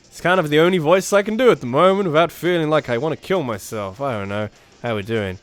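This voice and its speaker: A man's voice: on the high side, quick pace, dry recording. A young man giving jokey, self-mocking commentary as he plays through a game, swearing casually. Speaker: gaming YouTuber. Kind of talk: let's play commentary, reading game dialogue in put-on voices. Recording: faint game music behind.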